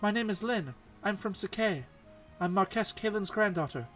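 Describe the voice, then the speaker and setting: A man voicing a proud, direct young woman warrior in a quiet, matter-of-fact way, reading game dialogue. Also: sits high, expressive, moderate pace, soft background music, pitched above the performer's own voice. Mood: calm.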